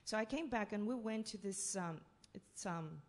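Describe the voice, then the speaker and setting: A woman from Russia, telling stories as a playwright on a festival panel, halting and full of fillers. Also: medium pitch, expressive, a little mellow. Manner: halting, with many fillers and restarts. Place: festival talk session in a hall.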